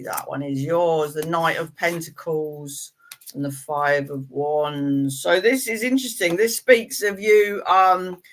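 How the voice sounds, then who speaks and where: A woman's voice: deep voice, steady tone, slow pace. A middle-aged woman, chatting playfully as she gives tarot readings on a live stream. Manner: chatty and playful, rambling asides. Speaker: tarot reader.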